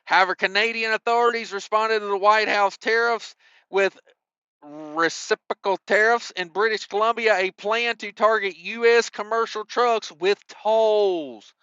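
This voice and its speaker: A man with a bright, forceful voice that sits high hosts a trucking news show at a measured pace. His tone is clean with no room sound, though the audio is dull, as he reads stories and breaks off into wisecracking asides with mild cussing.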